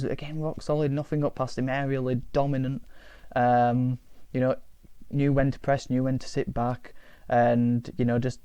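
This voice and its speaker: Rambling man, flat delivery. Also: mid-range voice, clear, resonant tone, no echo. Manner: rambling, halting, repeats words. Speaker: football fan channel host. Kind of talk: casual match reaction vlog.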